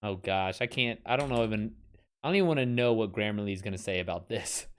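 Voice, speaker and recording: A man's voice: lowish voice, fast, clean tone. A man chatting casually during a live stream, talking frankly and often correcting himself mid-sentence. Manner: rambling, frequent self-corrections. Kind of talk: casual chat.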